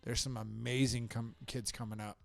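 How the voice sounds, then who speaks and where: In a mid-range, creaky, fairly bright voice, this male podcast co-host talks football picks and trades at a moderate pace. His delivery is flat, yet his predictions come across as confident and opinionated in this casual sports chat.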